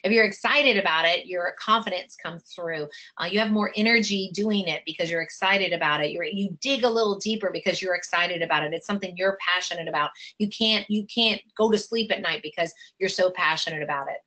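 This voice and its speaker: A woman coaching travel agents in a live online session, energetic and conversational, coaxing her listeners along. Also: lowish voice, fairly quick, few pauses.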